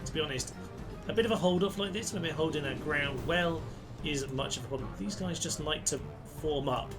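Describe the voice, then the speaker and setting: A man giving chatty, excitable commentary on a strategy game, cheering his troops on. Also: a little high, a little fast. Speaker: gaming channel host. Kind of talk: casual gameplay commentary. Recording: gameplay commentary with loud music behind. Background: guitar music.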